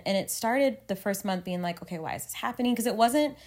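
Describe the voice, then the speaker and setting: Speaking a little fast and barely pausing, this thirtysomething woman sounds animated, her mid-range voice a little mellow. She co-hosts a casual faith podcast, talking earnestly and at length, rambling and emotional with many "like" fillers.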